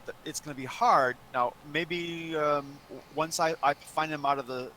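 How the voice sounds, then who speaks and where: A man playing a tabletop game, talking in a halting way with many fillers. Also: on the high side, fairly even intonation, sharp tone, a little hiss or hum. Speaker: player.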